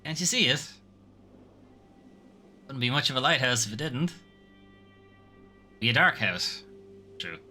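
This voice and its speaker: A man's voice: medium pitch, expressive, measured pace, long pauses, pushed and bright, soft background music. A man voicing a wry, whimsical rock-statue selkie with a posh Edinburgh accent and a playful drawl. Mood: teasing. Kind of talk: reading game dialogue aloud.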